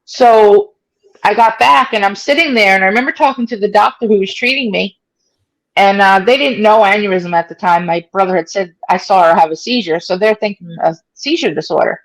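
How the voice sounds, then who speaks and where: Her medium-pitched voice moves briskly, though the audio is poor. Being interviewed about her stroke, this woman in her forties keeps things conversational, leans on fillers, and plays out quoted speech.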